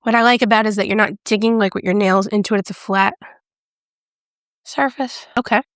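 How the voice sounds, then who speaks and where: A bubbly, excitable woman chatting through a makeup review and demo, gushing over each shade. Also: medium pitch, fairly quick, no echo, clean studio sound. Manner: drops to a whisper when excited. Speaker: beauty vlogger. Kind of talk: casual product review and demo.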